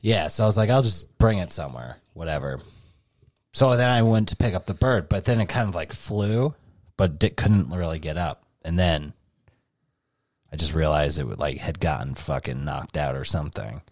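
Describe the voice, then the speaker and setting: A man's voice: very deep voice, expressive, normal speed, a little mellow, dry recording, studio quality. A man co-hosting a podcast, telling a rambling, swear-heavy story in casual chat. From New England. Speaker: podcast co-host.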